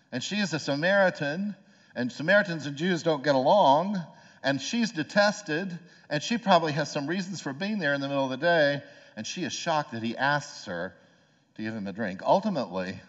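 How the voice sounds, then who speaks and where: A man delivers a sermon in a relaxed, conversational voice and checks in with his listeners through frequent rhetorical questions. His voice trails off into a long reverb, as in a large sanctuary. The recording sounds dull and lo-fi. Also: mid-range voice. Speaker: pastor.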